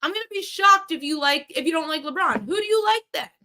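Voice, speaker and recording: A woman's voice: extremely high pitch, expressive, fast, bright, forceful tone. A woman hosting a sports betting podcast, ranting heatedly at a commenter in a live chat. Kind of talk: live-stream betting talk.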